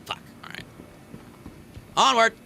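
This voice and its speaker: A man's voice: slow pace, bright, forceful tone, a little hiss or hum. An American man streaming a space game, chatting casually and joking with heavy swearing. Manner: profane, joking banter. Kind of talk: casual gameplay chat.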